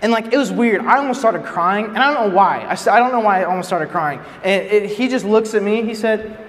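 Animated young man telling a story in a hall. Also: sits high, brisk, a little hiss or hum. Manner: animated storyteller, acts out quotes. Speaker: youth speaker. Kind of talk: storytelling sermon. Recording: reverberant hall with faint ambience.

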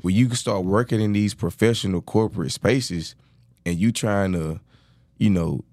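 A podcast host from rural Georgia with a thick country Georgia accent and a very low voice. He is relaxed and friendly and says "bro" a lot. The sound is dry and close, with no room around it. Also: normal speed, dry recording. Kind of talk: casual podcast conversation.

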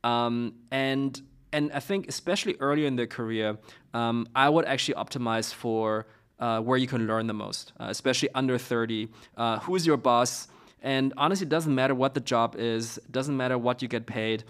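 Male guest, middle-aged, mid-range pitch, halting delivery full of fillers, relaxed interview answers. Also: clean tone. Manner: hesitant, many fillers and restarts. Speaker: guest, startup co-founder.

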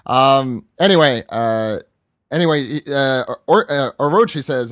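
A man's voice: medium pitch, lively intonation, measured pace, fairly bright tone, dry recording, clean studio sound. A man hosting a podcast, casually recapping a comic chapter and putting on voices for the characters' lines. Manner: rambling, acts out quoted lines with voices. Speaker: podcast host.

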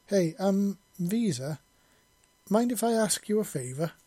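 A man's voice: on the high side, normal speed, mellow, husky, no echo. A man voicing a nervous young alien woman who hesitates and halts with ums.

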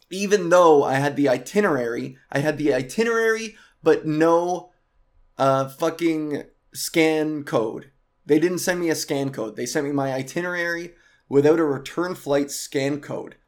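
A man hosting a podcast, ranting casually and profanely about an exasperating travel story, heavy with swearing. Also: fairly high pitch. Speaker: podcast host.

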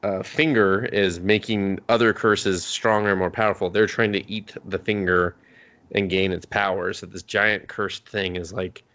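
A man's voice: low voice, fairly even intonation, moderate pace, a bit bright. A man co-hosting a podcast, casually recapping an anime in a rambling way, full of fillers and cursing. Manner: rambling, many fillers and restarts, swears freely. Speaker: podcast co-host.

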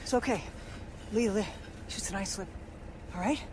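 An actress playing a police officer who calms a driver after a crash and briskly reports it. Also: female voice, mid-range voice, lightly acted. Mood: calming. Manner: soothing, then brisk radio report. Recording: noisy TV clip played back.

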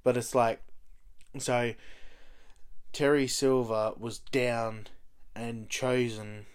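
A man's voice: mid-range voice, little pitch movement, extremely slow, clean tone. A man casually recapping a TV show, rambling and swearing, full of fillers like "you know" and "like.". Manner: profane, rambling, heavy on fillers. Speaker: TV show fan recapping episodes.

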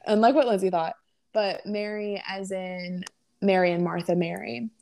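A young woman co-hosting a podcast, chatting with a steady stream of fillers. She slips into quoted voices as she tells stories. Her pitch sits in the middle for a woman. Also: moderate pace, vocal fry. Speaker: podcast co-host. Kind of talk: casual chat.

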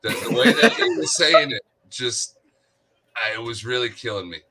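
Dude talking basketball stats, bright voice, kinda stumbly. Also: male voice, mid-range voice, animated, normal speed. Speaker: sports podcast co-host. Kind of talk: casual sports chat.

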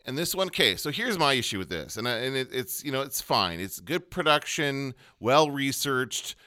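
A man talks casually on a podcast, sharing recommendations in a loose, filler-heavy way. His voice is bright and forward. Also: medium pitch, sing-song, normal speed. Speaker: podcast co-host. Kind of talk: casual chat.

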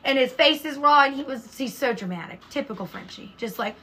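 A woman's voice: high-pitched, animated, fairly quick, very noisy. A woman, co-hosting a podcast, telling stories bluntly and swearing freely. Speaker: podcast co-host. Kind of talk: casual chat.

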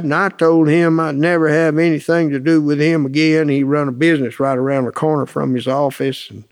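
Gravelly folksy male storyteller. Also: a little high. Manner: plainspoken, colloquial anecdotes with quoted dialogue.

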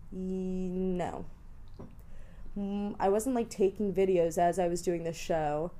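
This is a young woman in her twenties, co-hosting a casual podcast. She talks in an animated, jokey way and swears offhandedly while telling stories. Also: on the low side, slow. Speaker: podcast co-host. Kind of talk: casual chat.

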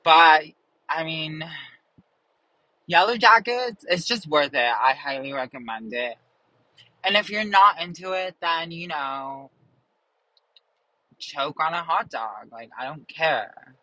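A man's voice: a little high, animated, takes it slowly, long pauses, bright, forceful tone, low-quality recording. A man chatting casually and rambling about a show he recommends. He leans heavily on fillers, trails off and pokes fun at himself. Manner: filler-heavy, trails off, self-mocking. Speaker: show reviewer.

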